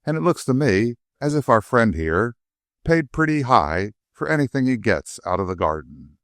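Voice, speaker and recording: A man's voice: medium pitch, big pitch swings, moderate pace, a bit bright, dry recording, studio quality. A man voicing a suspicious male gambler who speaks in wry, clipped quips. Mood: cynical.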